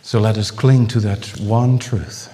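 A man preaching a sermon with passion, swinging between loud exclamations and hushed, drawn-out phrases, often repeating words as he builds. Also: fairly low pitch, fairly even intonation. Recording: long hall reverb.

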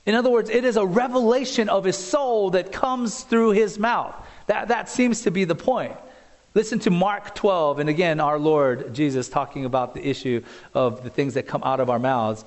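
A man in his forties preaching a sermon in a church, conversational and animated, full of asides and rhetorical questions. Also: sits high, moderate pace. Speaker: pastor. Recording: long hall reverb.

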